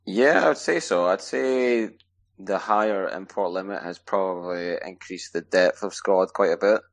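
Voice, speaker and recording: A man from Scotland, a hockey player answering podcast questions in a relaxed, rambling way with plenty of fillers. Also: deep voice, normal speed, gravelly. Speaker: guest ice hockey player. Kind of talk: casual podcast interview.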